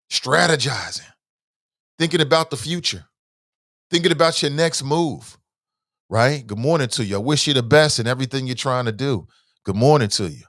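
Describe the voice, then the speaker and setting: A man hosting a morning talk show, talking to listeners in an animated, preachy, slangy way and swearing freely. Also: medium pitch, dry recording, clean studio sound.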